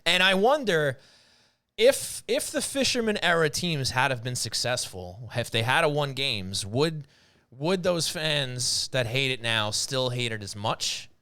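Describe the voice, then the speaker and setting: A man's voice: medium pitch, lively intonation, bright, forceful tone, smooth. A man co-hosting a casual sports podcast, emphatic and opinionated. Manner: emphatic, opinionated, quick to chime in. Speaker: podcast co-host.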